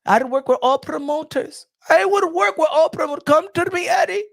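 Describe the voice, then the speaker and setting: A man doing a loud, bossy fight-promoter mogul. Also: moderate pace, creaky, exaggerated voice. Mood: boastful calling. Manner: shouting, high-pitched, scolding.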